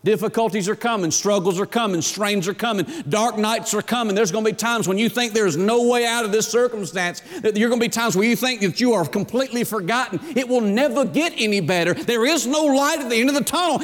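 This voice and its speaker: A man's voice: high-pitched, fairly quick, hardly any pauses. A man preaching a sermon as a pastor, with an emphatic delivery that rises and falls. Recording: long hall reverb.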